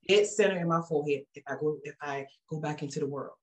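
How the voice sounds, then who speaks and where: A woman telling her church testimony in a casual, animated way, acting out quoted voices. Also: fast talker. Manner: animated, acts out quoted voices with big pitch jumps; casual speech with frequent restarts. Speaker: guest giving a church testimony. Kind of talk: personal testimony, conversational storytelling.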